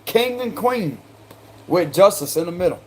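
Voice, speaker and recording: A man with a South Carolina accent works through a tarot spread in loose, slangy talk. His voice sits fairly high for a man, and he breaks into laughter between cards. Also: animated, a little slow, a little hiss or hum. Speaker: tarot reader. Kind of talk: casual spoken tarot reading.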